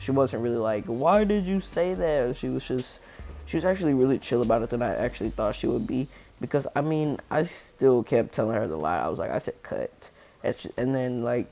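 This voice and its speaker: A man's voice: medium pitch, vocal fry, a little mellow. A teenage boy telling a school story in a casual, rambling, slangy way over gameplay. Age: teens. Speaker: gaming channel storyteller.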